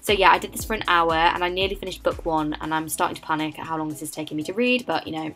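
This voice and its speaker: A teenage woman with an English accent narrating a casual study vlog, chatty and animated with lots of filler words. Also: sits low, quick pace, soft background music. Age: late teens. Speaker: vlogger.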